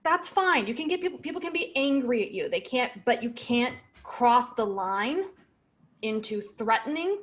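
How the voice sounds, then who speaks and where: A woman co-hosting a podcast in a casual advice chat, speaking in a direct, emphatic way. Her voice sits a little higher than most women's. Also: lively intonation, moderate pace, a bit bright. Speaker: podcast co-host.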